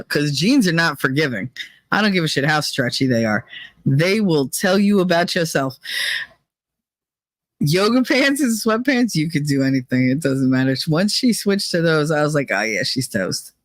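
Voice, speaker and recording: A woman hosting a podcast, telling a gossipy story in a casual, profane way, laughing often and jumping up in pitch for punchlines. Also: normal speed, dry recording. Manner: animated, jumps up in pitch for punchlines. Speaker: podcast host.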